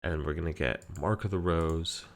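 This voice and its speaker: A man casually commenting on his card game while telling a relaxed story, walking through each play step by step. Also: low voice, moderate pace. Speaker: card game player and channel host. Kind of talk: casual commentary over gameplay.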